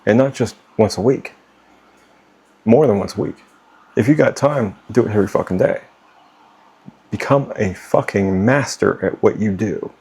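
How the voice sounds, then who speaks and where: A man's voice: on the low side, creaky, mellow, breathy edge. A middle-aged man giving blunt, profane life advice off the cuff, stumbling and restarting as he talks. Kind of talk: unscripted talk to camera.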